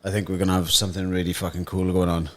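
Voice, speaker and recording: A man's voice: deep voice, level tone, very fast, fairly bright tone, a little hiss or hum. A young Welshman co-hosting a podcast, chatting casually with plenty of swearing and easy banter. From Wales. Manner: swears a lot, laid-back banter. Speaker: podcast co-host, fighter. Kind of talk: casual chat.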